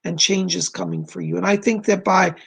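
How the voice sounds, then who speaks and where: A man reads out viewer questions and answers them as a psychic on a live stream. His voice is heavily gravelly and a little husky, and it is wearing hoarse. He speaks in a gentle, reassuring, chatty way. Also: sits high, steady tone, a little fast. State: losing his voice. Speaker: psychic doing live readings.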